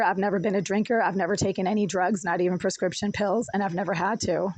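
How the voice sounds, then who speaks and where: A woman in her apartment with a rough, smoker-like voice, ranting indignantly and repeating her accusations into a phone. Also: medium pitch, fairly even intonation, quick pace, a little mellow, a little hiss or hum, low-quality recording. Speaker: tenant recording a complaint. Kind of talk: angry recorded rant and voicemail. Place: small apartment indoors.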